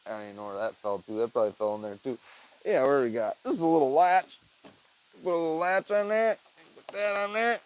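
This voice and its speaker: A young man with a slightly high voice talks quickly over low-quality audio from a wearable mic. He's casually vlogging as he works on a chicken feeder in his backyard, near a chicken coop and tool bench, rambling and saying "dude" and "man" often.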